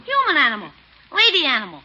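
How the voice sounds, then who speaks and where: An actor playing a smart-alecky young boy in a 1940s radio comedy, quick with jokes. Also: high-pitched, huge pitch swings, pushed and bright, exaggerated voice. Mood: cheeky. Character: cheeky young boy, wisecracking nephew. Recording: dull old radio broadcast.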